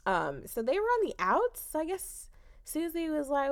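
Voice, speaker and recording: A woman's voice: sits high, moderate pace. A woman co-hosting a casual chat, recapping a story with blunt remarks and frequent laughter. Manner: animated, laughs often, blunt.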